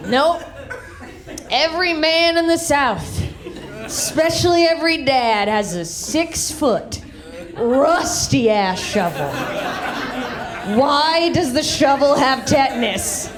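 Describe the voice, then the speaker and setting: A woman performing a high-energy stand-up comedy set on stage, acting out voices and shouting her punchlines. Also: animated, takes it slowly. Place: comedy stage in front of a live audience. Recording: live stage recording with crowd. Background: audience laughter.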